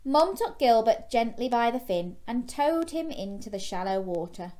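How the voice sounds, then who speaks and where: A woman reading a bedtime story to young children, gently asking them questions along the way. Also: fairly high pitch, very animated, normal speed.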